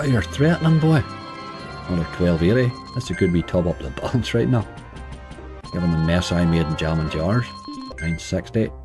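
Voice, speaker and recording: A man giving casual running commentary while playing, chatty and talking to the game as he goes. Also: low-pitched. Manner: chatty, muttering to the game and cheering it on. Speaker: slots streamer. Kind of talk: casual commentary over gameplay.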